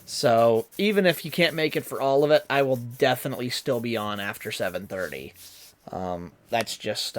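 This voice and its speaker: A male streamer talks loosely and at length to his chat, in a middle-pitched voice. He rambles from one thing to the next and fills the gaps with ums and likes. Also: moderate pace. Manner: rambling and talkative, many fillers. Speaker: live streamer. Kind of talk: casual live-stream chat.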